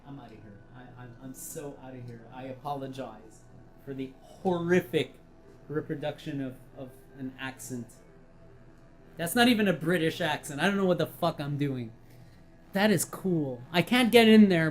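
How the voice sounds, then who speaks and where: A woman's voice: low voice, a little mellow, rough recording. A woman giving casual, enthusiastic commentary while playing a virtual reality game, chatty and swearing freely. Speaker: VR game reviewer.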